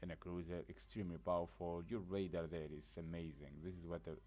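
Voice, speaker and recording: A man with a very low voice talks through a game map in loose, casual tutorial style. He sounds sleepy, like he just woke up, and he is blunt and rambling, leaning on fillers between points. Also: little pitch movement, fairly quick, a little mellow. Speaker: gaming guide creator. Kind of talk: casual gameplay tutorial commentary.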